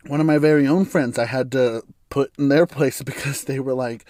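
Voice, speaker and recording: A man's voice: mid-range voice, moderate pace, mellow, no room sound, clean studio sound. A man hosting a solo podcast, talking candidly and bluntly, swearing freely and laughing often. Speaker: podcast host. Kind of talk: casual solo podcast monologue.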